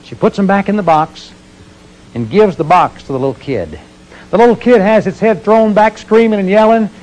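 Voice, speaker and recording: A man's voice: sits high, moderate pace, a little mellow, poor audio. A middle-aged man giving a talk to an audience, telling stories and asking questions he answers himself. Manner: earnest storytelling with rhetorical questions. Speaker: motivational speaker.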